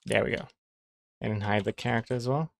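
A man's voice: fairly low pitch, a little fast, gravelly. Musing man chatting while he draws. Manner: musing aloud, reading and answering chat; chuckles easily, playful pronunciation teasing. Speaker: comic artist streamer. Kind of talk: casual livestream chat while drawing.

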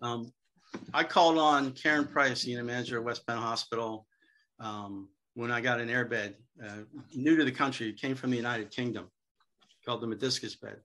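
Middle-aged male speaker, ringing forceful tone, animated anecdotal seminar delivery. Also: medium pitch, normal speed. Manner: lively storyteller, acts out quoted dialogue. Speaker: guest speaker on hospital sales.

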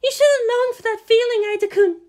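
A woman voicing a dazed, frank young female technician in a fan fiction reading, with a high, airy manner. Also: brisk, a little mellow. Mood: grave.

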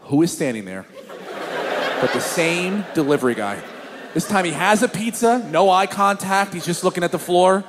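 A young adult man doing stand-up, telling his story in an animated, exasperated way. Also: high voice, normal speed. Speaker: stand-up comedian. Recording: live comedy club with crowd and noise.

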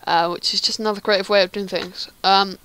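A woman's voice: medium pitch, fairly even intonation, fairly quick, a bit bright, clean tone. A woman giving a casual game tutorial, rambling with lots of ums and restarts. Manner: rambling, hesitant, many ums. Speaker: Minecraft tutorial creator.

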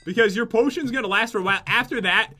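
A man's voice: high-pitched, fast talker, bright, forceful tone, soft background music. A young man hosting a gaming video, chatting casually while playing, teasing his partner and counting kills aloud. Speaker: gaming channel host. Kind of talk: casual gameplay chat. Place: home, recorded on the Florida side of a game session. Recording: faint background noise, keyboard typing.

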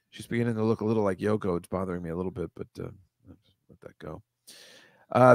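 A man hosting a comedy show, wandering from bit to bit with profane, sarcastic commentary. His voice sits at an average male pitch. The recording is close and dry. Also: no echo. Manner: rambling, profane, sarcastic asides. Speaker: comedy podcast host. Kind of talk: casual comic riffing.

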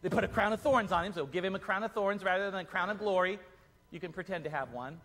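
A man leading a children's Easter play, narrating the story and directing the kids in a playful, animated way. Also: sits high, quick pace. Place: church hall. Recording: echoey church hall.

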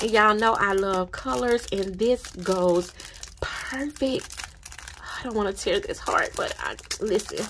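A woman vlogging casually at her desk about budgeting supplies and mail she received, gushing and repeating herself when excited. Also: mid-range voice, a little slow, a little hiss or hum. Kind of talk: casual unboxing vlog. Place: home desk.

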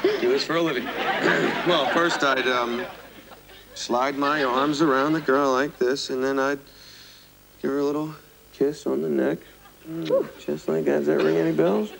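A man's voice: fairly high pitch, fairly even intonation, unhurried, creaky, long pauses, a crowd in the background, rough recording. A man from New Jersey, a guest in a TV comedy sketch, cracking wry self-mocking jokes. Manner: wisecracking, self-mocking, chuckles. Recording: hissy, clicky old TV broadcast.

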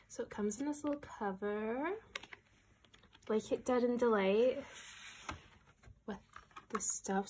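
A woman's voice: on the high side, takes it slowly, long pauses, a little hiss or hum. A young woman gushing through an album unboxing at home, often dropping to a whisper. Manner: gushing, excitable, talks to her pets. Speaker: vlogger.

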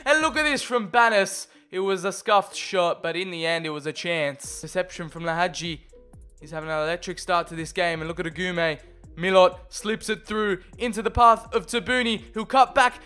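A young man calls the action of his own football video game match, moving between calm narration and loud excited shouts. His voice sits high, bright and smooth. Faint music plays underneath. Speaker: gaming video creator. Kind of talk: self-commentary over a football video game.

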